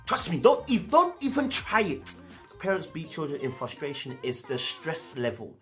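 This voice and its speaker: A man with a London accent giving a casual, animated commentary as a show reviewer, slipping into slang and acting out parents. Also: on the high side.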